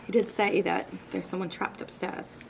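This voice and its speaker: Playful woman player with clear noise behind. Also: on the low side, normal speed. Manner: playful, animated. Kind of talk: casual tabletop game chat.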